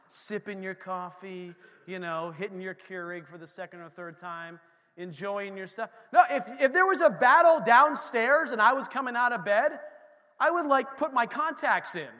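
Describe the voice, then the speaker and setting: A middle-aged male pastor preaching a sermon with fervor, swinging between shouts and quiet asides. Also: very high-pitched, a little fast, long reverb tail.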